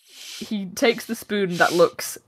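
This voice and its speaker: A woman's voice: mid-range voice, slow pace, no echo. Casual, sweary woman game master. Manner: casual, swears, lots of fillers. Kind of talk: narrating a tabletop game.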